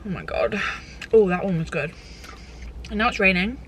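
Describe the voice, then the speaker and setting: Talking at a moderate pace in a medium-pitched voice, a young adult vlogger with a British accent rambles casually to camera. She leans heavily on "like" and "genuinely," and there's a little background noise.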